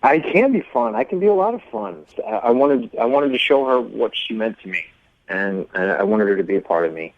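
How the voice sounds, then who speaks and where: A man's voice: fairly low pitch, expressive, brisk, no echo. A man on the phone with a radio show, earnest and defensive. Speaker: caller on the line. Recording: muffled phone line.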